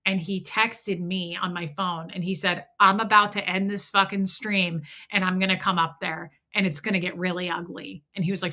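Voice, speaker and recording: Woman, livestream host, bright voice, animated, candid, swears a lot. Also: on the low side. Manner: candid, animated retelling with acted-out quotes and swearing. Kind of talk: casual live chat storytelling.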